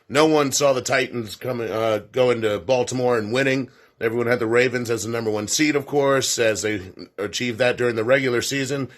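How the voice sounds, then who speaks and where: A man's voice: medium pitch, a bit bright. Rambling folksy male sports co-host. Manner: rambling, self-correcting, folksy asides. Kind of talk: casual sports commentary segment.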